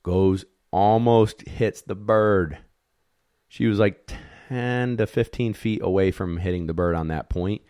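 A man who handles retriever dogs, telling a competition story in a casual, animated way, acting out the dogs and judges, blunt and swearing a little. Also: on the low side, measured pace, clear, resonant tone, no echo, clean studio sound.

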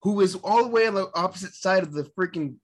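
A man's voice: sits high, fast. A man co-hosting a film podcast, cutting in with teasing, mock-indignant objections. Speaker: podcast co-host. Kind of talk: casual film review chat.

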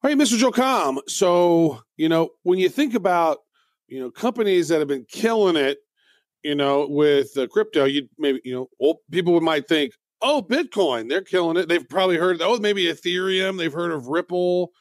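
A man's voice: a little high, expressive, moderate pace, no room sound, clean studio sound. A man hosting a podcast, chatting loosely through a news rundown with plenty of fillers. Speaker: podcast host.

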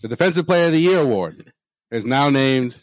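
A man's voice: mid-range voice, expressive, a little fast, no echo. A man hosting a casual sports talk show, leading the segments and teasing his co-hosts. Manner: teasing, playful, leads the segments. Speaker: podcast host reading topics.

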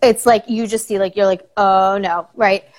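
A middle-aged woman speaks in a casual podcast chat with a voice of ordinary pitch. She sounds like a psychologist guest: practical and earnest, though she slips in a joke now and then. She lays out steps plainly. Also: steady tone, normal speed. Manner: joking then earnest, advice-giving.

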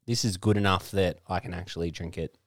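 A man's voice: sits low, fairly even intonation, fairly quick, dry recording, clean studio sound. A man on a podcast as a comedian guest, laid-back and crude, swearing and laughing often.

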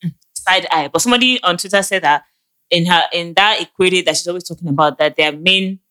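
A woman's voice: on the low side, fast, bright, forceful tone. A young Nigerian woman co-hosting a casual podcast, gossiping animatedly and laughing easily. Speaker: podcast co-host. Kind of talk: casual chat.

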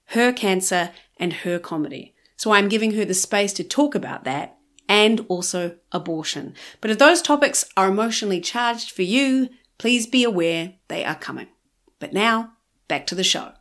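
A woman's voice: mid-range voice, lively intonation, a bit bright. A woman in her forties with a New Zealand accent, hosting a podcast interview in a playful, theatrical way. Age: 40s. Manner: playful, theatrical, quick-witted. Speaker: podcast host.

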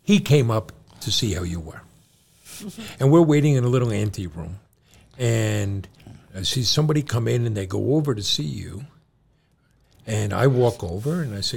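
On a podcast, a middle-aged co-host, John's father, tells his son a long family story in a fairly low, gravelly, slightly rough voice at normal speed. He's an animated storyteller who acts out the people involved, including quoted doctors.

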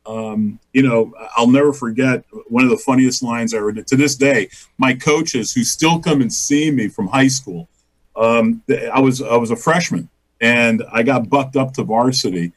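Husky, rambling male comedian storyteller. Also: mid-range voice, normal speed, poor audio. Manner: rambling storyteller, laughs often, acts out quotes. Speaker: comedian guest. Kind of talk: casual interview chat.

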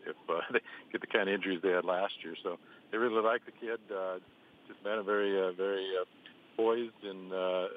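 A deep-voiced man calls in to talk baseball, stopping and restarting his sentences with plenty of fillers. His voice comes through a thin, tinny phone line with a light hiss behind it. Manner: halting, many restarts and fillers. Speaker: baseball reporter. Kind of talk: phone interview.

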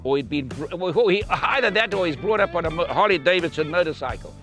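A man's voice: on the high side, fast talker, faint music behind. Older South African man spinning a yarn. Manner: lively, vivid, acts out the people in his stories. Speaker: interviewee. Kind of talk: anecdotal storytelling.

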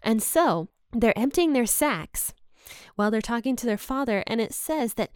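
A woman teaching a Bible study, retelling the story in a casual, lively way and acting out the characters' panic, often amused. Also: fairly high pitch, moderate pace, clean tone, dry recording, clean studio sound.

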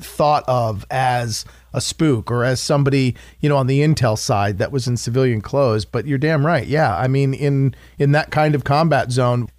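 A man's voice: medium pitch, normal speed, few pauses, darkish tone, no echo, clean studio sound. A man hosting a podcast, chatting casually and agreeing with his guest, often chuckling. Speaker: podcast host. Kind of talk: casual interview chat.

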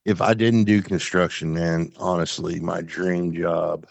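A man with a very deep, low voice spins profane, animated stories as a podcast guest. His delivery is loose and chatty. The sound is dry and close on a podcast mic. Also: measured pace, vocal fry, no echo. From Texas. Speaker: podcast guest, construction business owner. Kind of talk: casual storytelling chat.

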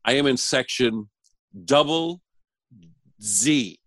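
Male guest, animated storyteller, lively intonation, dry studio sound. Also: medium pitch, moderate pace, dry recording. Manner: laughing, lively anecdote teller. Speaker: podcast guest.

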